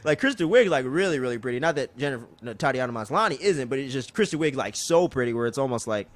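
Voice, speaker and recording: A man co-hosting a podcast, recapping an episode in casual chat, telling it loosely and profanely with quick impressions of the characters. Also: mid-range voice, expressive. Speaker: podcast co-host.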